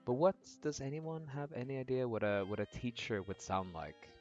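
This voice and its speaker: A man streams a game and chats with his viewers in a rambling, casual way, full of fillers and laughs. His medium-pitched voice is expressive and darkish, at normal speed, and the lo-fi audio is dull with faint music behind it.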